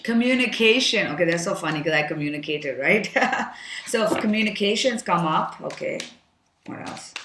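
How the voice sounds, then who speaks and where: A woman's voice: on the low side, lively intonation, moderate pace, echoey room, noisy background. A woman giving a casual tarot reading, chatty and frank, thinking aloud with many fillers and an occasional curse. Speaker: tarot card reader.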